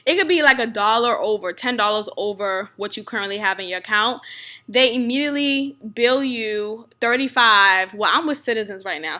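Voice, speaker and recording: A young woman talks casually on her own podcast, venting her frustration and often breaking into laughter. Her voice is bright and a little higher pitched than most. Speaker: podcast host. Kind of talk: casual solo podcast rant.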